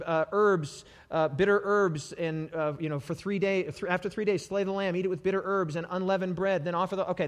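A man preaching a sermon in an animated way, often repeating words for emphasis. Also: high-pitched, long reverb tail.

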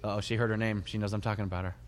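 A middle-aged man, a pastor, giving a sermon, retelling the story with animated storytelling and soft laughs. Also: on the low side, racing. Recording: long hall reverb.

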